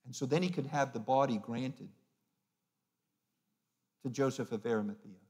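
A man preaching as a pastor, emphatic, swinging between loud peaks and hushed low phrases, and acting out the mocking voices of the crowd. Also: normal speed. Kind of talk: sermon.

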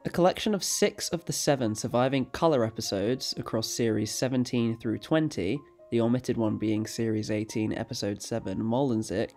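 A man reading a scripted documentary narration in a steady, informative way. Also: medium pitch, moderate pace, few pauses, faint music behind. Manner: steady, informative reading with a brief apology for mispronouncing.

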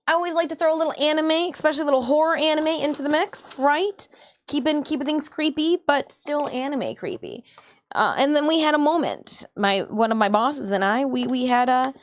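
A woman from Michigan, a cosplayer hosting her livestream, tells casual rambling stories, corrects herself often and acts out the dialogue she quotes. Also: sits high. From Michigan, USA.

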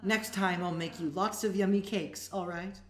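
A woman voicing a shy, gentle young prince who speaks softly, haltingly and apologetically, recorded in an echoey room. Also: lowish voice, fairly even intonation, close to an everyday voice. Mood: timid.

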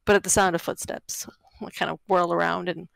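A woman tentatively explains what her character is doing in a tabletop game. Her voice has a gravelly fry, and the sound is dry, with no room echo. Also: fairly low pitch, level tone, a little fast. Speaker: player. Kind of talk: casual tabletop play.

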